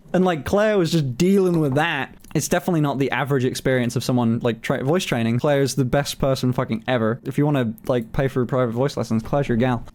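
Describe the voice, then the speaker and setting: A man in his twenties chatting casually on a livestream, answering viewer questions candidly, swearing freely and laughing often. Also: fairly high pitch. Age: 20s. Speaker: streamer.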